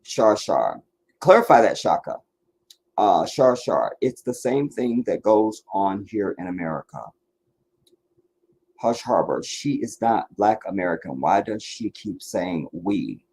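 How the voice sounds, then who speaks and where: A man hosting a live stream and answering viewers' comments, talking bluntly and emphatically, dropping to low mutters and rising to insistent points. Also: lively intonation, unhurried, a little mellow, a little hiss or hum. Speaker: livestream host answering chat. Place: sitting in front of a camera for a live stream.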